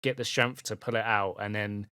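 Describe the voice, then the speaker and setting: Low-voiced man as game master. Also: steady tone, normal speed, sharp tone, clear, resonant tone, dry recording, clean studio sound. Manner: casual, rambling narration full of fillers. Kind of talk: narrating a tabletop game.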